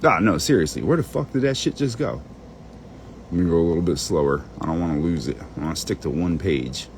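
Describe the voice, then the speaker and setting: A man's voice: low voice, lively intonation, brisk, darkish tone. Guy rambling and muttering while digging thru docs, swoopy up and down voice, bit of hiss behind. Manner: distracted, muttering and cursing while searching documents. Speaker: channel host. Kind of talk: rambling screen-share monologue.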